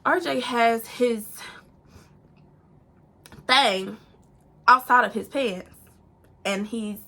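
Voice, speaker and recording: A young woman casually telling a personal story to camera, animated and profane, acting out what people said. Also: fairly high pitch, very slow. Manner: animated, swearing, acts out quotes in a raised voice. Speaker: storytime vlogger.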